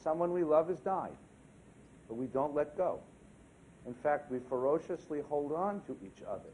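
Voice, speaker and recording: Animated high-voiced rabbi preaching. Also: male voice, normal speed, a little hiss or hum, rough recording. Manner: animated, humorous, asks the congregation questions. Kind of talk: sermon. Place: synagogue during a service.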